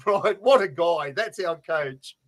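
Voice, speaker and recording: A man co-hosting a fantasy sports podcast, telling stories in a loud, sweary, animated way over a remote call. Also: fairly high pitch, slow. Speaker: podcast co-host.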